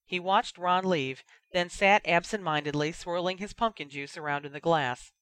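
An audiobook reader narrating a fan fiction story in a steady, even storytelling manner. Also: mid-range voice, moderate pace.

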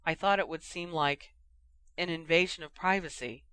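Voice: medium pitch, moderate pace, sharp tone, clean tone, dry recording, lightly acted. Reader doing earnest blunt young woman, pleading straight out, dry close sound. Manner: pleading, direct.

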